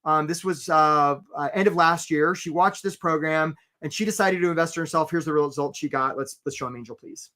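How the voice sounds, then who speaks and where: A man's voice: on the high side, a little fast, few pauses. Male career coach, webinar host, peppy and chatty, video-call sound. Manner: energetic, upbeat, asks "right?" often. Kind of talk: live webinar presentation.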